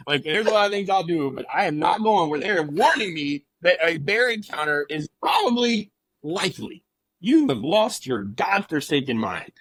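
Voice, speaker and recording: A man with a fairly high voice, recorded dry and close, telling a story in a casual podcast chat. He is animated and laughs often. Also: fairly quick, no echo. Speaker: podcast guest.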